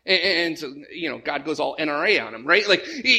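A man preaching a sermon as pastor, animated and often stumbling over repeated words at the start of sentences. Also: sits high, fast talker, hardly any pauses, breathy edge.

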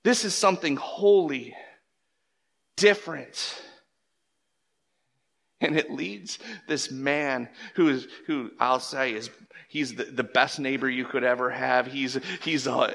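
Male pastor, sermon delivery, bright forceful tone, emphatic surges and drops, big reverberant hall. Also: mid-range voice, slow, vocal fry, pauses often. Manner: emphatic, swings between loud bursts and hushed lines. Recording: long reverb of a large hall.

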